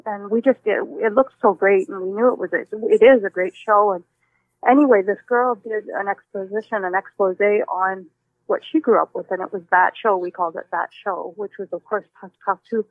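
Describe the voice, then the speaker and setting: A woman's voice: medium pitch, fairly even intonation, a little fast, no echo. Chatty woman on a tinny line. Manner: warm, reflective, with frequent restarts and exclamations. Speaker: musician guest. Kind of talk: relaxed personal interview answers. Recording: dry, tinny phone-like line.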